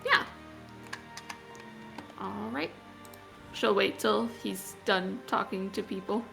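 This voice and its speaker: A woman's voice: medium pitch, slow, creaky. A woman playing a tabletop game, speaking politely in character. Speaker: player. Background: music.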